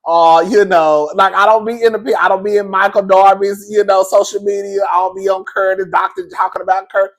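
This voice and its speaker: A man's voice: high voice, level tone, fairly quick, few pauses. A man hosting a celebrity gossip show, talking casually and chattily, laughing a lot and calling listeners girl and baby.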